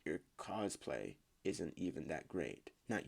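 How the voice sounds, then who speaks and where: Deep gravelly man reading stories. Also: sing-song, a little slow, a little mellow. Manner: stumbles over words and comments on his reading. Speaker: host reading online stories aloud. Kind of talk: casual reading with commentary.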